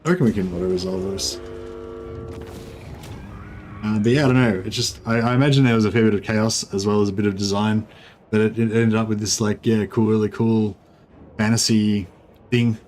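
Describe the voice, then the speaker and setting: Man, game streamer, casual rambling commentary, somewhat low voice. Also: little pitch movement, brisk, a little mellow. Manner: rambling, lots of fillers and restarts. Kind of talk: casual livestream commentary while gaming.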